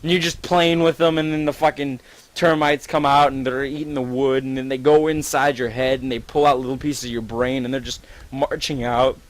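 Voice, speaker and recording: A man's voice: mid-range voice, little pitch movement, fairly quick, no echo, rough recording. A man improvising a rambling, profane, gleefully gross story to a friend, full of "like"s.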